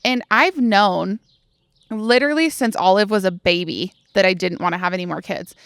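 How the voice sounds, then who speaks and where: A woman's voice: medium pitch, moderate pace, gravelly, fairly bright tone, clear, resonant tone, no echo, clean studio sound. A woman in her late twenties co-hosting a podcast in casual chat, talking freely with lots of fillers and acting out what other people say. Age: 20s. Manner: chatty, many "like" fillers, acts out others' lines. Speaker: podcast co-host.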